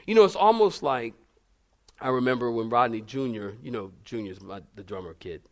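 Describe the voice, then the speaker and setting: A middle-aged man preaching a sermon, animated and humorous, calling out to his congregation. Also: medium pitch, normal speed. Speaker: pastor.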